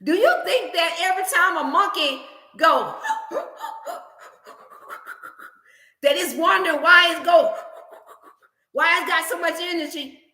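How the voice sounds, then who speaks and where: A woman hosting a motivational wellness livestream, preaching in an animated, scripture-laced way. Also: very high voice, normal speed, reverberant. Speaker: wellness channel host.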